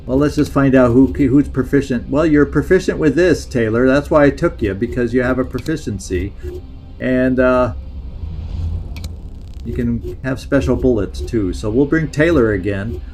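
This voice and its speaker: A man streams a strategy game and thinks aloud as he plans each move. He talks in a musing, hesitant way, often stopping to restart his thoughts, with his voice at an ordinary pitch. Faint music plays behind him. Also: moderate pace, a little mellow. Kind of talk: thinking-aloud gameplay commentary.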